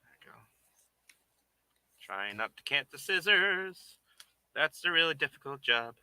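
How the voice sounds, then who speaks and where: A man's voice: fairly high pitch, sing-song, unhurried, bright, forceful tone, smooth. A man making a puppet who chats casually and playfully with viewers, rambling and chuckling as he works. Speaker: puppet maker streaming live. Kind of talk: casual chat while working.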